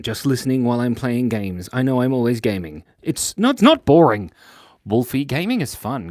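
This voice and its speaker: In a dry, studio-quality recording, a man with a mid-range, slightly mellow voice draws on a casual livestream. He keeps the chat playful, reads viewers' comments out loud, and laughs in giggles a lot.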